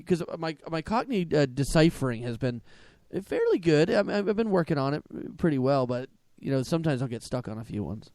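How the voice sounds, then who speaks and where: A man co-hosting a comedy podcast, trading teasing banter and swearing freely. His voice sits fairly high and swings up and down a lot. The sound is dry and close. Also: big pitch swings, brisk, a little mellow, no echo. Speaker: podcast co-host. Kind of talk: casual podcast chat.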